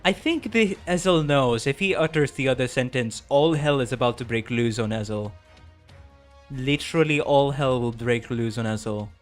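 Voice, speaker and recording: A man streaming a game, reading its dialogue aloud and reacting with excitable, rambling restarts. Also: medium pitch, normal speed, soft background music.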